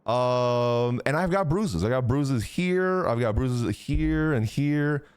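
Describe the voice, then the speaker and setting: A man talks to his live chat from a dry, close desk mic. His pitch swings widely as he tells a crude story. He swears freely and keeps a casual, animated delivery. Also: slow pace, clean tone, dry recording. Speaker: streamer.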